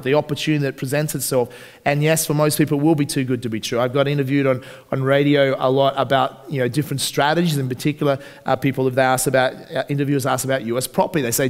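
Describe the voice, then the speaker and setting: An Australian man giving a live seminar, energetic and asking the audience questions. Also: a little high, long reverb tail. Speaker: seminar presenter. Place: large hall at a live seminar.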